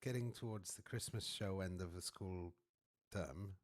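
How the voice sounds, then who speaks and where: Male teacher, lower voice, soft and wry, casual chat. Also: unhurried. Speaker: school drama teacher.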